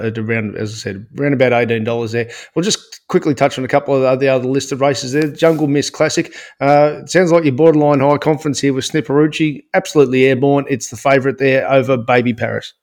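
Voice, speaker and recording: A man's voice: medium pitch, steady tone, a little fast, darkish tone. A man hosting a racing show, chatty and a bit self-deprecating as he asks about runners. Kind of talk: casual interview.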